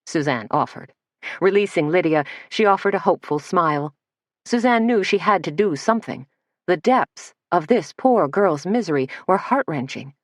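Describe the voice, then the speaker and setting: Low-voiced woman narrating an audiobook. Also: expressive, moderate pace, no room sound. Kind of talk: scripted narration.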